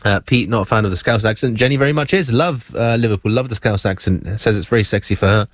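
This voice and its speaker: A man's voice: fairly low pitch, fast, no echo, clean studio sound. A man hosting a breakfast radio show, chatting casually, laughing often and reading out listener messages.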